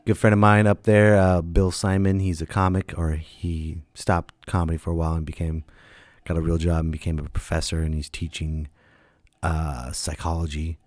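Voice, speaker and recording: Lively storytelling comedian, low and dry. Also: male voice, normal speed, no room sound. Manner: animated, jumps into loud impressions of others. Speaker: podcast host and stand-up comedian. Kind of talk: casual storytelling monologue.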